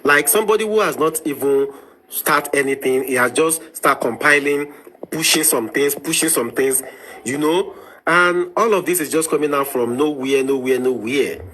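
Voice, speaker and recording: A Nigerian man with a Yoruba accent speaks in a mid-pitched voice, sincere and pleading as he defends a friend. His tone is bright and edgy. A faint hiss runs underneath. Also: normal speed. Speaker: participant in a live audio chat. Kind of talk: earnest casual talk.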